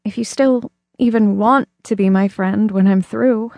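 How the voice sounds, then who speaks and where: A woman voicing a shy little girl who speaks softly and gently for an audiobook. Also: mid-range voice, steady tone, measured pace, creaky, no room sound. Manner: soft and gentle. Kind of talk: audiobook character voice.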